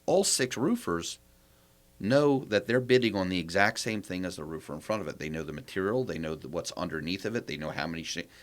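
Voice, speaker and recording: A property manager appears as a podcast guest and explains his process in a casual interview, posing one rhetorical question after another. His voice is low, expressive and brisk.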